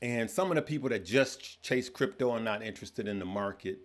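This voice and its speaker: This livestream host, a man with children, talks a little fast in a voice on the low side. He says hello to viewers by name, trips over names, and chats casually with plenty of fillers.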